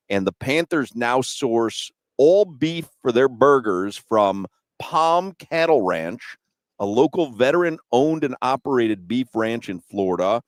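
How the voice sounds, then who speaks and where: Male sports radio host, lowish voice, dry close sound; easygoing banter and smooth ad reads. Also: no room sound. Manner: easygoing, teasing, reads sponsor copy smoothly. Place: arena suite at a live broadcast.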